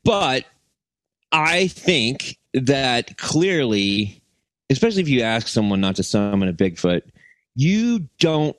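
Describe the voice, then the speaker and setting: A man's voice: medium pitch, dry recording. A man co-hosting a comedy podcast, rambling through absurd bits and breaking into giggles. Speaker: podcast co-host. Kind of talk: comedic casual chat.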